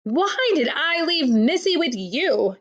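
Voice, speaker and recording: A woman's voice: sits high, big pitch swings, takes it slowly, lo-fi sound, voice pushed up, heavily acted. A woman doing a fussing, indignant mother. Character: worried, indignant young mother.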